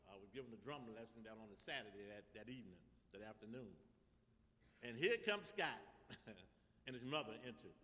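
A man with a New Orleans accent, a reverend speaking at a funeral, stumbling at first and then building into fervent, shouted preaching. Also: on the low side, lively intonation. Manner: halting restarts, then rising to fervent shouted exhortation. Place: church funeral service. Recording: long reverb in a large church.

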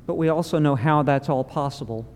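A man preaching a funeral sermon in a church, solemn and measured, with slow pauses. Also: on the high side, a little mellow. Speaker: pastor. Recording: long reverb of a large hall.

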